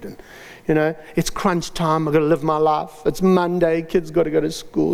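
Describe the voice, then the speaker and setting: A man preaching a sermon, telling personal stories with dramatic pauses and lively emphasis. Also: a little high, vocal fry, big-room sound.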